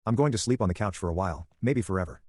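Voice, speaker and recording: A man narrating first-person horror stories in a brisk, matter-of-fact scripted read. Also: fairly low pitch, expressive, a little mellow, husky, no room sound.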